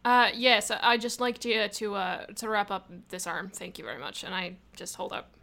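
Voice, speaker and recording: A woman playing a captain in a tabletop role-playing game, hesitant and halting, repeating words as she thinks. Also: medium pitch, creaky, pushed and bright. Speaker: player.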